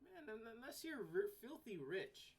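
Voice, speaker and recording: On her solo podcast, this host has a slightly high, sing-song voice with a breathy edge and a measured pace. Her rant is blunt and sprinkled with casual swearing. Getting heated makes her repeat words and start sentences over.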